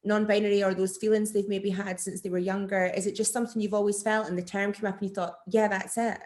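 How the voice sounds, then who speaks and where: A woman hosting a casual interview, asking gentle questions and backing her guest up with short affirmations. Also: medium pitch, level tone, fast. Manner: supportive, brief affirmations. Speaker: host.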